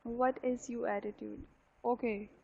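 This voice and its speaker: A woman's voice: fairly high pitch, fairly even intonation, measured pace, darkish tone, slight background noise. Woman lecturing over dull lo-fi audio. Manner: explains and repeats points, often asks "right?". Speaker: university English lecturer. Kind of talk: live online lecture. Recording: dull lo-fi online session audio.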